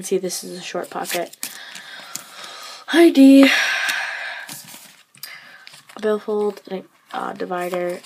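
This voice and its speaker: A woman's voice: medium pitch, background noise. A tired teenage girl talking casually as she shows off her handmade duct tape wallets, chatty and full of fillers. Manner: chatty, filler-heavy, trailing off. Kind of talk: casual show-and-tell vlog.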